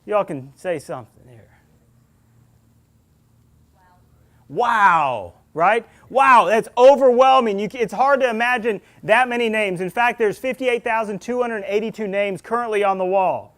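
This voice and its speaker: A man with a fairly high voice gives a public talk to a community audience. He tells stories earnestly, speaks straight to the listeners, and voices the people he met as he recounts them. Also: measured pace, fairly bright tone. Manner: earnest storyteller, acts out dialogue, speaks to the crowd directly. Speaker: state police officer giving a community talk.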